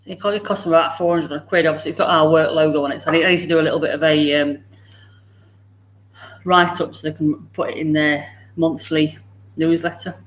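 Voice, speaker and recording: A woman with a deep voice and fairly even intonation speaks briskly over a little hiss or hum. She's a livestream host chatting casually at home in the morning, welcoming viewers by name, laughing often and speaking to her dogs.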